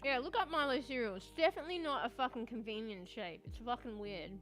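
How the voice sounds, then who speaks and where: A woman's voice: a little high, quick pace, fairly bright tone. A woman streaming live, chatting casually with viewers while eating, swearing often. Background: faint music.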